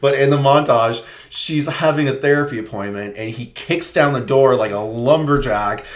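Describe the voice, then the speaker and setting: A man's voice: mid-range voice, normal speed. A young man co-hosting a podcast, chatting casually, laughing often and acting out movie lines. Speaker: podcast co-host. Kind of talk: casual chat. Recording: echoey room.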